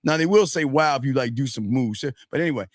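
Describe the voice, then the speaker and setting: A man's voice: mid-range voice, lively intonation, quick pace, dry recording, clean studio sound. A man hosting a talk show, blunt and exasperated, pressing a caller with repeated questions. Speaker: host. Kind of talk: casual chat.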